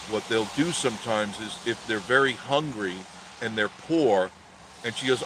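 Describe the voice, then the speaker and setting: A man's voice: fairly low pitch, measured pace, noisy background. A man hosting a casual vlog, telling a story in a rambling way with many restarts and self-corrections. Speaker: channel host.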